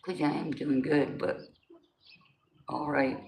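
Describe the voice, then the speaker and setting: Slow and steady, this livestream host speaks in a low, gravelly, darkish voice with a New Jersey accent; she's in her forties. Her casual live-stream chat is loose and slangy as she greets viewers by name, in a roomy space with faint background noise.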